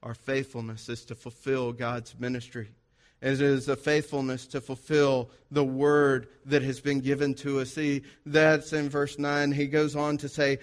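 A man's voice: mid-range voice, flat delivery, unhurried. A man preaching a sermon to his congregation, driving his points home with repeated, rhythmic phrases and a sing-song lift on key words. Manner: emphatic, repetitive, rhythmic lists. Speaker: pastor.

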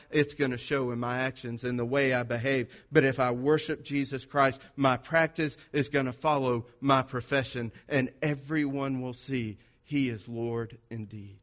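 A pastor with a mid-range, fairly bright voice preaches to his congregation emphatically. He hammers his points home with repeated, rhythmic phrases and lists, giving key words a sing-song lift.

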